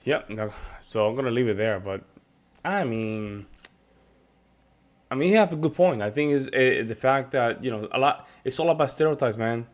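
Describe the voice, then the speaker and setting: A man's voice: mid-range voice, expressive, moderate pace. A man in an easygoing, agreeable mood, commenting casually as he hosts a reaction video. His voice sits in the middle range, and he turns often to talk straight to his audience. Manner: easygoing, agreeable, addresses viewers directly.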